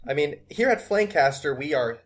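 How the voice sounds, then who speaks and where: A man's voice: fairly high pitch, animated, fairly quick. An American man hosting a casual podcast, playful and self-mocking. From USA. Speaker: podcast host.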